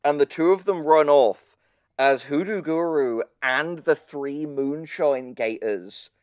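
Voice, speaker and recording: A man's voice: a little high, takes it slowly, clean tone, dry recording, studio quality. A man co-hosting a podcast, casually recapping a cartoon episode, swearing and laughing as he tells it. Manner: storytelling, swearing, laughing often. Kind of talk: casual chat.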